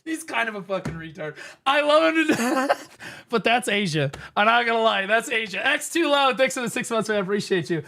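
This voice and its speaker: A streamer man chatting over gaming clips in a lively, swinging voice that jumps up and down as he tells stories. He laughs often and swears freely, and his delivery is loose and casual. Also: very high-pitched, brisk, gravelly. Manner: profane, laughing, animated storyteller. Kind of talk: casual reaction commentary.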